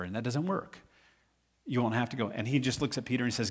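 A man from Tennessee, a pastor preaching a sermon in an animated, joking storytelling manner. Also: medium pitch, quick pace, breathy edge.

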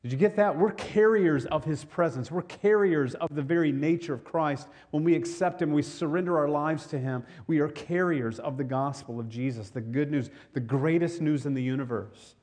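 A man's voice: a little high, normal speed, hardly any pauses, darkish tone. A male pastor preaching a sermon to his congregation in a conversational way, often repeating words and asking the listeners questions.

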